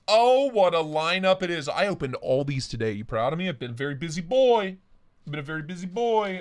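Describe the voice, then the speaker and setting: A livestream host with a somewhat high, slightly bright voice chats casually from his home office, reading viewer comments and saying hi to chatters by name. He jokes crudely while still winded from overeating.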